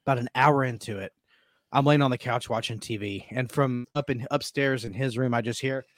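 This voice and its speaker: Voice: medium pitch, brisk, no room sound, clean studio sound. A parent telling a story in a casual podcast chat and acting out the dialogue in raised voices.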